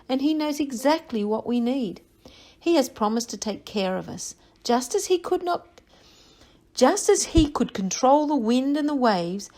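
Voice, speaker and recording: A woman teacher reading a Bible story aloud to young children, with expressive storytelling and questions to the listeners. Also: a little high.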